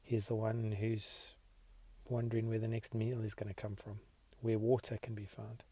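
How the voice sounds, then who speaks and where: Reflective male podcast host leading a slow meditation, low-pitched, husky, very even tone. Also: no room sound. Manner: slow, reflective, soft-spoken.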